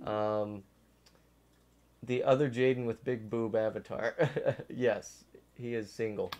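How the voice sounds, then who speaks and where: A man's voice: lowish voice, steady tone, slow pace, a little mellow, a little hiss or hum. A young man hosting a podcast in casual chat, who swears a lot and gets frustrated easily. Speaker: podcast host.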